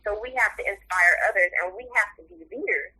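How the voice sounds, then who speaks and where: Middle-aged woman guest, earnest and tearful, crisp bright tone. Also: medium pitch, a little fast, rough recording. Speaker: interview guest, mother of the subject. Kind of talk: emotional interview talk.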